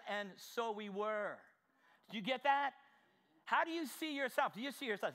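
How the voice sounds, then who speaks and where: A man preaching a sermon with fervor, asking the congregation direct questions and swinging from quiet asides to shouted exclamations. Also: very high-pitched, expressive, moderate pace. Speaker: pastor.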